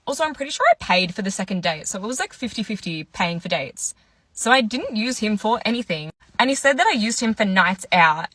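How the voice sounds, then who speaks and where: It's a casual dating storytime from a young woman who is very animated and brisk, her mid-range voice fairly bright in a dry recording. Chatty and exasperated, she quotes dialogue and acts out both sides of the conversation.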